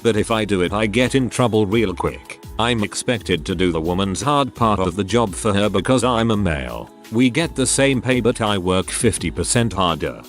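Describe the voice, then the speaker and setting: A man narrating reader posts in a scripted read, spelling out abbreviations and reading lists flatly. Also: on the low side.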